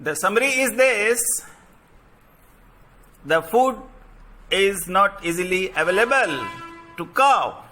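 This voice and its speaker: High-pitched male teacher, reads slowly for children. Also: animated, bright, forceful tone. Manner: slow, explains and repeats words. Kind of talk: reading a textbook lesson aloud.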